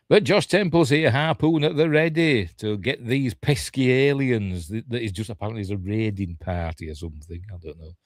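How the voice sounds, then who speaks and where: A man's voice: on the low side, darkish tone, dry recording, clean studio sound. A man with a Yorkshire accent giving a casual, rambling watch-along film commentary, thinking aloud and correcting himself as he goes. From Yorkshire, England. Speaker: film reviewer.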